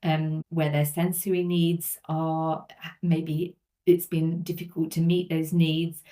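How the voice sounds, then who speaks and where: A woman from England speaks in a low register. She explains her work as a speech and language therapist in a podcast conversation, earnest and full of worked examples. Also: little pitch movement, takes it slowly, dark tone.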